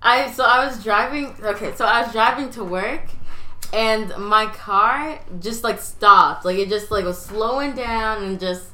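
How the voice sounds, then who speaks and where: Girl on a podcast telling a car story, high bright voice, says like a lot. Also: measured pace, a little hiss or hum. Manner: animated, says "like" a lot, laughs often. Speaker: podcast guest. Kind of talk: casual storytelling chat.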